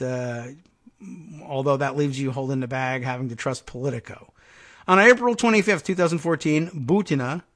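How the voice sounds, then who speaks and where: Sardonic male talk-radio host reading articles aloud, fairly high-pitched, thinks out loud. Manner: sardonic, rambling, thinks aloud with many fillers. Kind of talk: casual political commentary, reading articles aloud.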